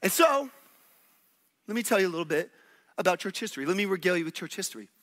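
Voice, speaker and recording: A man preaching a sermon to a congregation in a lively, conversational way, calling on the listeners to repeat words and breaking into exclamations and laughter. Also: high voice, fast. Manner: energetic, conversational, call-and-response with the congregation. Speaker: pastor.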